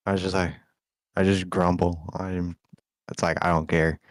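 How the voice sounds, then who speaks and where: A man playing a tabletop game in a blunt, laid-back way. His voice is very deep. The sound is dry and close, with no room echo. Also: flat delivery, normal speed. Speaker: player.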